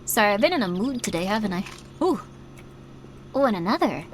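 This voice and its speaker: A woman streaming a game, talking in a chatty, playful way, easily startled and soft when guiding a breathing exercise. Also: mid-range voice, big pitch swings, a little fast, slight background noise. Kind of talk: casual game commentary.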